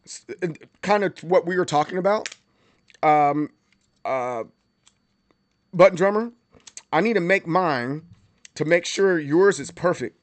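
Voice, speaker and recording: A man's voice: a little high, unhurried, long pauses, no room sound. A man hosting a livestream, chatting casually and animatedly, with many stammered restarts and bursts of mock outrage. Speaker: livestream host.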